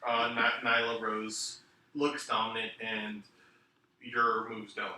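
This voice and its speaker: A rambling, self-deprecating man swears his way through a casual wrestling chat. His voice is bright, and it sits well back from the mic in a strongly echoing room with faint noise. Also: on the low side, monotone, slow pace, distant mic. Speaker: podcast co-host.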